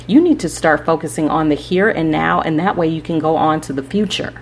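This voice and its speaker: This spiritual podcast host speaks fairly quickly in a low-pitched voice, with a little hiss or hum behind her. She rambles through preachy advice delivered directly to listeners, frequently asking "right?".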